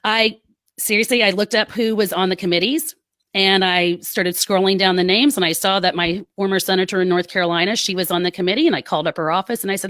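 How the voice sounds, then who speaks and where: A woman tells her family's story as an interview guest, earnest and full of quick asides. Her voice sits in a middle range. The sound is dry and close. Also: mid-range voice, steady tone, fairly bright tone, no echo. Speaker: guest, military spouse advocate. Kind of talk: podcast interview.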